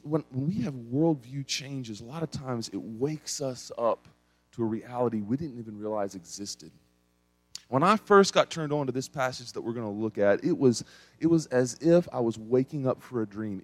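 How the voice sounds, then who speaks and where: A pastor in young adulthood, from East Tennessee and sounding like it, preaches and narrates a story with sweeping changes in pitch and volume, captured in a dry recording.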